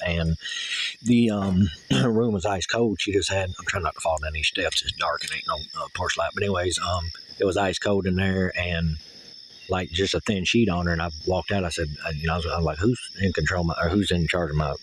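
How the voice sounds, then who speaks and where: A man talks fast and low on a phone call. He rambles through his grievances and swears heavily. There is faint outdoor night noise around him. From Tennessee. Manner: rambling, aggrieved, swears heavily when angry. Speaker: caller.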